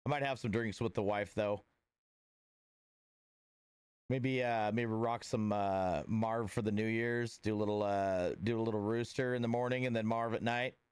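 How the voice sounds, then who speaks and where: A laid-back man chats with his livestream viewers in a smooth, resonant voice. The sound is dry and close, with no room echo. He meanders through thoughts with plenty of filler words and restarts. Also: lowish voice, steady tone, moderate pace. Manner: laid-back and friendly, greeting viewers by name. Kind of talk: casual livestream chat with viewers.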